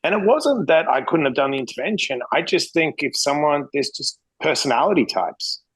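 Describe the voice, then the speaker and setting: A middle-aged man from Western Australia, an interventionist guest telling blunt, animated stories in a casual interview. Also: moderate pace, husky, no room sound, poor audio. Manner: blunt, animated, swings pitch when quoting himself.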